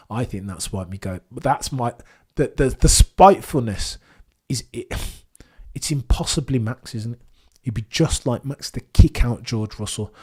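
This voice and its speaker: A man hosting a live racing watchalong, talking in a verbose, animated way with mock commentator flourishes while reading chat. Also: mid-range voice, measured pace, slightly rough. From Britain. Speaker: F1 livestream host.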